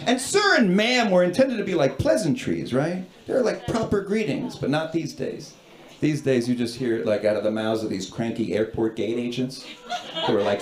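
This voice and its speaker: A man doing stand-up on a club stage, his voice sitting a little high and bouncing around a roomy space. Loud audience noise sits behind him throughout, and he keeps the set animated by acting out the people in his stories. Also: a little fast. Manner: animated, acts out characters in voices. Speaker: stand-up comedian. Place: comedy club stage before a laughing audience.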